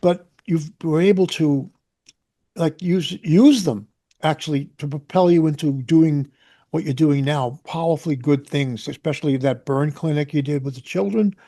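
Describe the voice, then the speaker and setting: A man's voice: fairly high pitch, normal speed, dark tone. A man hosting a podcast interview, speaking effusively in casual chat. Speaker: podcast host.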